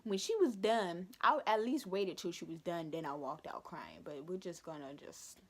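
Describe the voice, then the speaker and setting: A young woman telling a school story for her vlog, animated and dramatic with lots of asides. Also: fairly low pitch, normal speed. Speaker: vlogger.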